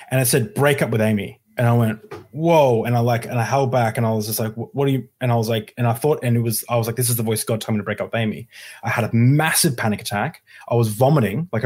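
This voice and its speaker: A husky-voiced man hosts a podcast and talks at a rapid clip. He tells a personal story in casual chat and brings the quoted lines to life. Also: mid-range voice. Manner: animated, acts out quoted dialogue. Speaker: podcast host.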